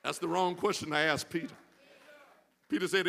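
A male pastor preaching a sermon in a church, building from quiet talk to rhythmic, shouted refrains. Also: high voice, fairly quick, gravelly. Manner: rhythmic call-and-response preaching, rising to shouts. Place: church sanctuary.

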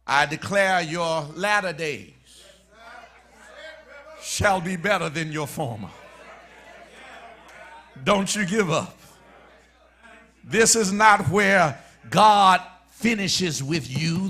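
Emphatic preacher man, lively high voice. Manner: emphatic, repetitive, swings between soft and shouted. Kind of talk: sermon.

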